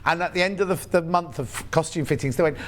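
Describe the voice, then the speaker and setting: A man's voice: on the high side, fast, slight background noise. A man with a Yorkshire accent presenting live on a shopping channel, chatty and playful with jokey asides.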